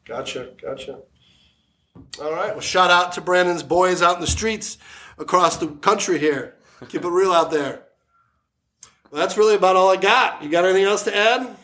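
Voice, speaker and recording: A man's voice: high voice, normal speed, bright, forceful tone. A man hosting a casual sports podcast, joking crudely and laughing often. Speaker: podcast host.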